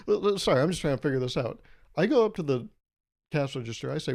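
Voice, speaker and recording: A man's voice: mid-range voice, quick pace, darkish tone. A young man hosting a solo podcast, riffing in a wry, rambling way and acting out little scenes. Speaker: podcast host. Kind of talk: solo comedic monologue.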